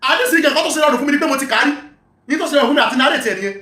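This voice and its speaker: Bright high voice in a roomy echo. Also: lively intonation, very fast. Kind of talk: heated online religious debate.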